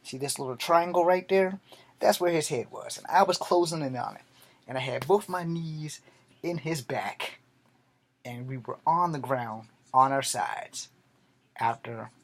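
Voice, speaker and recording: Martial artist, male, husky-voiced, intense and profane storyteller. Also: on the high side.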